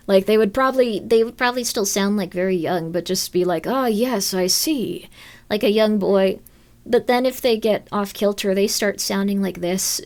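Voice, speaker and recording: A woman streamer chatting casually with her viewers, rambling and upbeat, with lots of fillers and restarts, jumping high into excited quoted voices.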